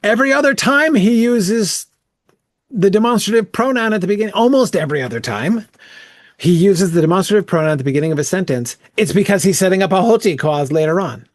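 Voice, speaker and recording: A man's voice: high voice, animated, a little fast, dry recording, studio quality. A man leading a casual bible study, thinking aloud with frequent "um" and "right?" as he works through the text.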